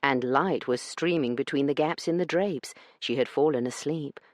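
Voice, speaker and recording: A man's voice: mid-range voice, moderate pace, no echo, studio quality. Man narrating a romance audiobook.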